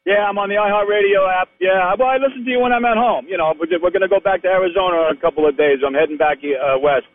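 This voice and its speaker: A man's voice: high voice, quick pace. Blunt New York man on a phone line. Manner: blunt, opinionated. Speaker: caller. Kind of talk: call-in radio chat.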